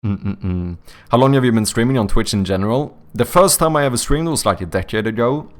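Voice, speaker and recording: Lively and brisk with a medium pitch, a man from Sweden live-streams, reading chat aloud and chatting casually in Swedish-accented, British-leaning English. He wanders off topic, cracks jokes, and corrects himself along the way.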